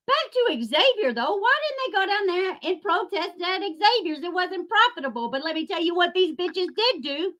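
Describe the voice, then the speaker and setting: High-pitched angry woman ranting on stream. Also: expressive, moderate pace, few pauses, a bit bright. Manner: angry, profane, sarcastic; addresses chat viewers by name. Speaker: YouTube channel host. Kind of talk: livestream rant.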